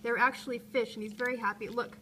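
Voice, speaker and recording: A woman's voice: a little high, little pitch movement, fast, sharp tone. A woman hosting a live call-in art show from a gallery, talking in a playful, rambling way that often trails off. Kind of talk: live stream chat while drawing. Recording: noisy live stream room.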